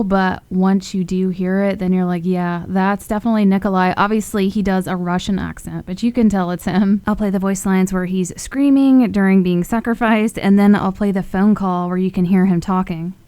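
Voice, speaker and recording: A woman's voice: mid-range voice, warm tone, no echo. A woman hosting a gaming video, talking in a casual, enthusiastic commentary style.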